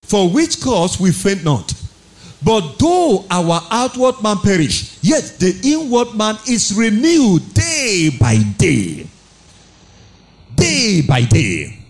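A man's voice: sits high, wildly swooping pitch, takes it slowly. A man preaching a sermon, exhorting with rhetorical questions, repeated phrases and a sing-song emphasis.

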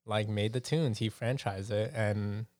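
Rambling low-voiced man in casual chat. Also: steady tone, unhurried, a little mellow, no echo, clean studio sound. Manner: rambling, hedging, profane storyteller.

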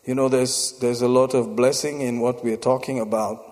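A man's voice: mid-range voice, level tone, normal speed, a little mellow. Preacher man in a reverberant hall. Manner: exclamations of praise between points; repeats phrases for emphasis. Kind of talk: sermon.

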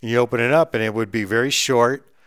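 A middle-aged man ranting bluntly and with profanity, swinging between loud outbursts and low mutters. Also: fairly even intonation, fast talker, clear, resonant tone, no echo, studio quality. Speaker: vlogger ranting on camera. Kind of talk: heated monologue rant.

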